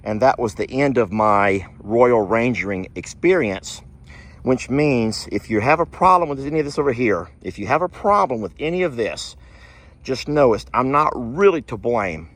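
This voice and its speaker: A man's voice: mid-range voice, lively intonation, moderate pace, a bit bright. A man, telling folksy stories in a rambling, chuckling way while working outdoors at his horse barn. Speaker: ranch vlogger. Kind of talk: casual storytelling while doing chores.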